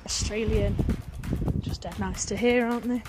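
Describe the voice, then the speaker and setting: A woman's voice: medium pitch, fairly even intonation, normal speed, over loud music. A woman, a street interviewee giving blunt, opinionated answers.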